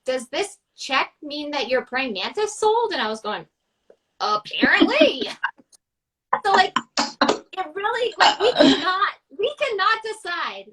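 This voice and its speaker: A woman artist and coach chatting on a video call, telling lively stories and acting out the people in them. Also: very high voice, measured pace, rough recording. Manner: animated storyteller, acts out quotes. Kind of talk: casual conversation.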